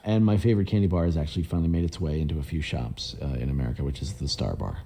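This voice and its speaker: Deep gravelly British man joking. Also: very fast, mellow. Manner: jokey, self-mocking, laughs between phrases. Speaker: voice actor in an interview. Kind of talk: casual interview chat.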